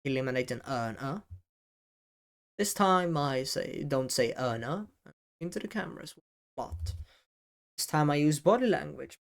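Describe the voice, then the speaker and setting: A man giving talking-head advice as an educational video creator, speaking deliberately with frequent pauses, stressed key words and casual swearing, seated at a desk mic. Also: on the high side, animated, gravelly, clear, resonant tone. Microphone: desk microphone, seated at camera.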